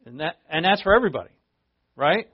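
A man's voice: a little high, sing-song, fast talker, slightly rough, dry recording. A man preaching a conversational sermon, explaining a Bible passage with frequent rhetorical asides. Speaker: pastor. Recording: dull lo-fi sound.

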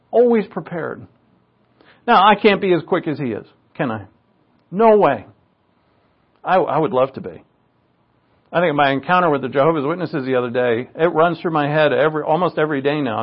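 A man's voice: fairly high pitch, very animated, moderate pace, vocal fry, highs cut off. A man preaching a conversational sermon, with joking, self-mocking asides.

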